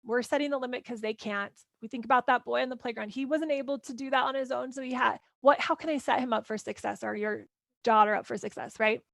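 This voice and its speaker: A woman coaching parents in a live workshop, talking in a loose, chatty way. Her voice sits fairly high. The sound is dry and close, with no room echo. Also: steady tone, fast talker, vocal fry, a bit bright. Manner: casual, chatty, lots of "like" and "right?".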